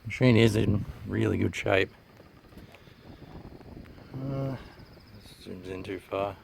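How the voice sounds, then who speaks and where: A man giving a laid-back, halting walkthrough of an old machine, with many pauses and "uh"s, speaking into a handheld camera inside a running dragline cab. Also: vocal fry. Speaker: machinery restorer. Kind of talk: casual walkthrough narration. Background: faint engine rumble.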